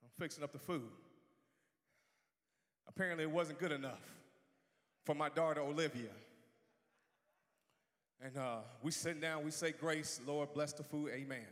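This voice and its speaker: Guy pastor preaching, bright high voice, big hall reverb. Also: moderate pace, pauses often. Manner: animated, swings from quiet asides to shouting. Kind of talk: sermon.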